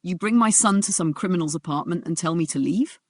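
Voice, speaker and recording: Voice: medium pitch, brisk, dry recording, studio quality, close to an everyday voice. A narrator voicing a drunk, raging young man who slurs and shrieks his threats, in a narrated drama story. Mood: drunk sneering.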